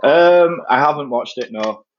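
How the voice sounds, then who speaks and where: A man's voice: on the high side, normal speed. A man chatting as a podcast guest, rambling and laughing easily as he tells stories. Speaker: podcast guest, former cricketer. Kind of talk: casual chat. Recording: dull lo-fi call audio.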